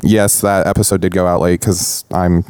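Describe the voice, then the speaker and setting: A man's voice: sits low, flat delivery, moderate pace, a little mellow, clean tone, no room sound. A man hosting a casual podcast roundtable, explaining ideas in an earnest, talkative way. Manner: teasing, then earnest and explanatory. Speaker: podcast host. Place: indoor podcast recording.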